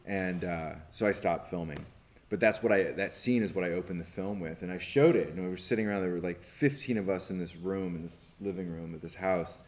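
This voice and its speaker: A man, a documentary filmmaker, telling a story on a festival panel in an animated way, acting out quotes, with many restarts. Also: low-pitched, a little fast.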